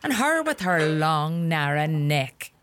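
A woman's voice: sits low, sing-song, takes it slowly, dry recording, full character voice. A woman playing a bossy Irish farm mother. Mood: teasing. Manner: sharp-tongued, scolding and fussing. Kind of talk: comedy sketch acting.

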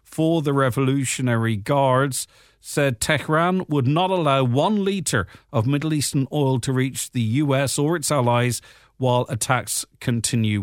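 A man's voice: medium pitch, dry recording. Irish man, slight english twang, casual news chat, dry close sound. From Ireland. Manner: conversational, frequent fillers and asides. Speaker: radio host reading the papers.

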